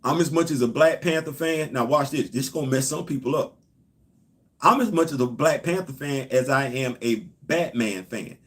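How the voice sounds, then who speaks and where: A man with a mid-range voice and a moderate pace runs a casual livestream. He talks to viewers head-on, repeating his points with emphasis.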